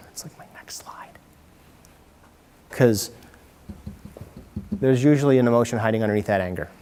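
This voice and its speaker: A man presents a workshop to a room of parents, animated and quick to act out little scenes. His voice sits in a middle pitch and carries a long hall reverb. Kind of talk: lively workshop talk to parents. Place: meeting room. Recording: hall reverb from a community-TV taped talk.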